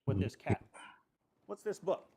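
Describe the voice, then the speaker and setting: A man's voice: unhurried, warm tone. A man in a played video clip making an argument through pointed rhetorical questions.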